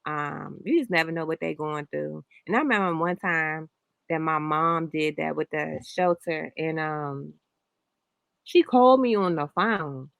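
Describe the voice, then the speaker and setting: A woman's voice: sits low, unhurried, vocal fry, a bit bright, no echo. A woman hosting a casual reaction chat, telling stories in a rambling way with many restarts. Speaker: host.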